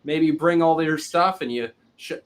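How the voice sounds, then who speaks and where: A man's voice: fairly high pitch, normal speed. Chatty joking music-store host man. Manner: joking, self-deprecating salesman banter. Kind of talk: casual product demo.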